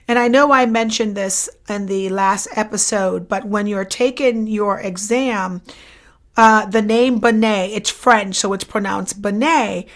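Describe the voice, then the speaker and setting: A woman's voice: medium pitch, fairly bright tone. A woman lecturer going over exam questions, repeating each question and answer and checking in with the listener as she goes. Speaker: psychology lecturer. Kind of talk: exam review lesson.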